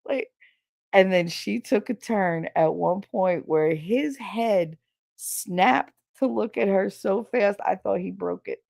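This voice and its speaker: A woman's voice: medium pitch, slow pace, gravelly, darkish tone, dry recording, clean studio sound. A woman hosting a podcast, telling stories in a blunt, profane, casual way, laughing as she goes. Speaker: podcast host. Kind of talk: casual storytelling chat.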